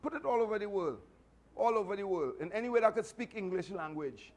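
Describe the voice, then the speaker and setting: A man with a Trinidadian accent, telling animated, chatty stories to a martial arts class with laughing asides. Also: high-pitched, a little fast. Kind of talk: storytelling speech to a class.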